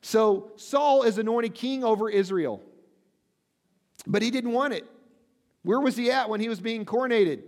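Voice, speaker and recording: A man's voice: high-pitched, unhurried, long pauses. A male pastor preaching a sermon in a conversational way, often asking "right?" and reading scripture aloud with wry asides. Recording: long hall reverb.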